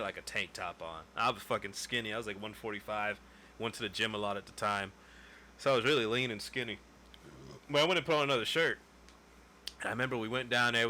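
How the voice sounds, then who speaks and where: A man's voice: lowish voice, pushed and bright, a little hiss or hum. A man in his twenties casually telling a long story on a podcast, loose and profane, acting out what people said. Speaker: podcast co-host.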